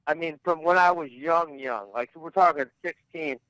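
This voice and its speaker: A man's voice: on the high side, normal speed, bright, forceful tone, smooth, no room sound, rough recording. A man talking bluntly as a podcast guest, rambling and restarting his sentences in casual chat. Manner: blunt, rambling, repeats words when starting.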